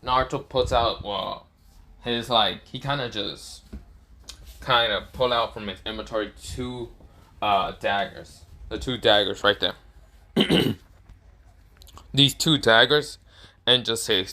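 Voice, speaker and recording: Male storyteller, low-ish voice, loose rambling retelling, lots of fillers. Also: takes it slowly, vocal fry, pauses often, bright, forceful tone. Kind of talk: casual fan-story retelling.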